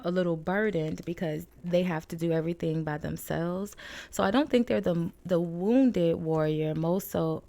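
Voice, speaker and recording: A woman's voice: deep voice, gravelly, warm tone. A woman tarot reader, chatty and rambling with frequent laughs, giving a casual reading at home. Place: home room with balcony door shut.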